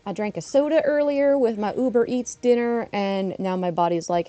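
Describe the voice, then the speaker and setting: A woman's voice: mid-range voice, moderate pace, dark tone. A woman in her thirties from Canada, chatting casually on a live stream while playing a game and laughing often.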